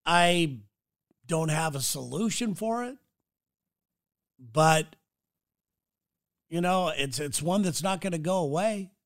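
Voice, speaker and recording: A man's voice: a little high, expressive, slow pace, long pauses, a bit bright. A man hosting his own podcast, talking alone in a blunt, rambling way and swearing freely. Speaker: podcast host. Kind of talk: casual solo monologue. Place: city.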